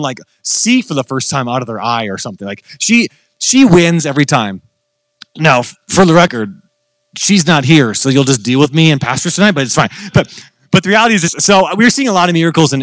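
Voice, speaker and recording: A man in his thirties preaches with an animated, self-deprecating storytelling style. His voice sits a little higher than most men's and leaps even higher when he gets excited. The sound is dry and close. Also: no echo. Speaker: guest preacher. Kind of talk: sermon storytelling.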